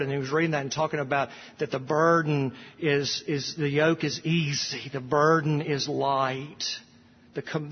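Earnest preacher, husky voice. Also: male voice, fairly high pitch. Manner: earnest preaching, slowing on key phrases. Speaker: pastor. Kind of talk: sermon. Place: church sanctuary. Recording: echoey church hall, slightly muffled.

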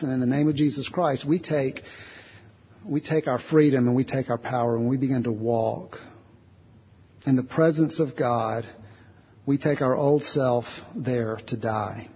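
A man preaching a sermon in a church in an earnest, repetitive cadence, acting out short prayers. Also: mid-range voice. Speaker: pastor. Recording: husky voice, long hall reverb, dull lo-fi sound.

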